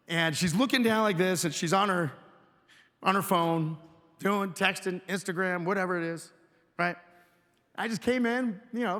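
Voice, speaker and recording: A man's voice: high-pitched, pushed and bright. A man giving a live keynote speech in a large hall, energetically asking the audience questions and getting them to join in. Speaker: keynote speaker. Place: large hotel event hall. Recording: reverberant hall.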